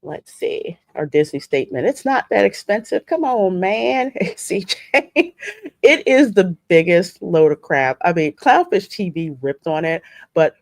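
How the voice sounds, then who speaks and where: Woman host on a live stream, slightly low voice, chatty and warm with viewers, dry room. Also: very animated, unhurried, no echo. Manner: chatty, effusive, often laughing. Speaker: livestream podcast host. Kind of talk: casual live chat, greeting viewers.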